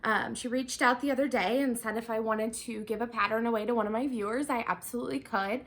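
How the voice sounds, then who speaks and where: A woman's voice: fairly high pitch, fairly even intonation, quick pace, fairly bright tone. Chatty, slightly breathless woman. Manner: chatty, bubbly, many ums. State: a bit out of breath. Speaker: knitting podcast host. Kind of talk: casual video podcast chat.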